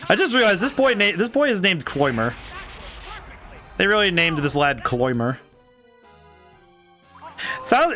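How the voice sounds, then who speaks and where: Male streamer, higher voice, animated and rambling. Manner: rambling, excitable, frequent laughs and restarts. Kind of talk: casual gameplay commentary.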